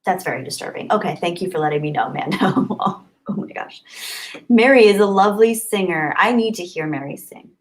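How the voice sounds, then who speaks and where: A woman's voice: on the low side, expressive, brisk, rough recording. Chatty woman streamer reading chat. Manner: chatty, reads viewer comments aloud, laughs often. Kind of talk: casual live stream chat.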